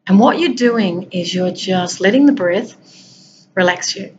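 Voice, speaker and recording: A woman's voice: mid-range voice, a little slow, darkish tone, lo-fi sound, slight background noise. A woman giving an informal motivational talk as a wellbeing coach. She talks directly to her listeners in a conversational way.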